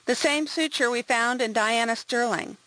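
Calm medical examiner, explanatory and even; woman reader's own voice. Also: a little high, moderate pace, no room sound, close to an everyday voice, rough recording. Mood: clinical.

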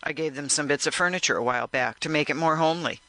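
A man reading an audiobook, voicing a tipsy man who talks in a gruff, offhand way. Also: a little high, fast, sharp tone, dry recording. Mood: defensive. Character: tipsy man, blunt and evasive.

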